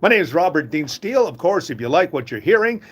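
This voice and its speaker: An older man from Canada telling warm family anecdotes in a casual, chuckling monologue. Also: a little high, fast talker. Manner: chuckling, folksy, lively storyteller. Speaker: host of a short inspirational talk.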